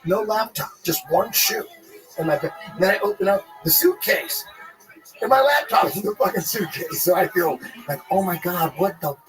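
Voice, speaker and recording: A man telling a rambling, profane story in casual podcast chat, animated and full of restarts. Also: high-pitched, moderate pace, music in the background, rough recording.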